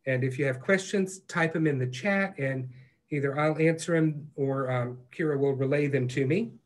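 A man leads a live online painting class, his voice sitting a bit high for a man. He talks in an easygoing, reassuring way, pausing often on fillers. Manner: relaxed, reassuring, lots of fillers. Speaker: painting instructor.

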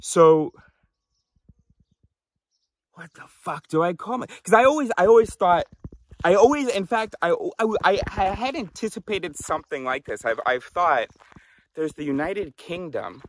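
A man's voice: high voice, animated, a little slow, long pauses. A man from the Chicago area doing a stand-up monologue, ranting in mock outrage and tripping over comic restarts. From Chicago area, United States. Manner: exasperated rant with mock outrage; stammering restarts for comic effect. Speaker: comedian.

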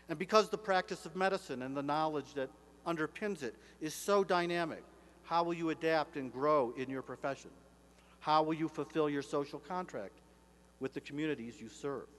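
A man in his sixties giving a formal commencement address as an author and speaker, measured and slowing down for emphasis. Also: on the high side. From United States. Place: large hall. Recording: echoey hall, faint hum.

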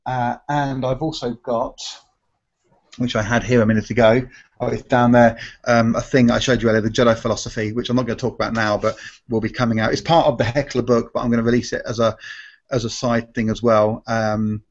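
A man's voice: medium pitch, level tone, fairly quick. A man, a restaurant magician, casually telling stories in a live Q&A and correcting himself as he goes. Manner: rambling, self-correcting, acts out quoted voices. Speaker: restaurant magician and comedy performer. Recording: dull lo-fi stream audio.

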